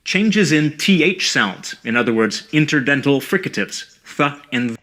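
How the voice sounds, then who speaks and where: A man giving scripted educational narration about speech sounds, in a measured and precise way. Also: mid-range voice, expressive, bright, forceful tone. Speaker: language educator.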